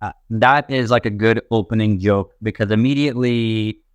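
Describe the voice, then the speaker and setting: A young stand-up comedian from a Pakistani family who grew up in Texas, telling stories in a rambling, animated way full of fillers. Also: male voice, on the low side, normal speed, clear, resonant tone, no room sound. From Pakistani family, raised in Texas, later Canada. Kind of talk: casual interview talk.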